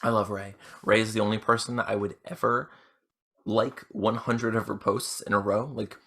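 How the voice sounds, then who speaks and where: Drunk man rambling, gravelly low voice. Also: level tone, fairly bright tone. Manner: rambling, self-deprecating, halting restarts. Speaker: podcast host. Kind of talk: rambling casual monologue answering questions.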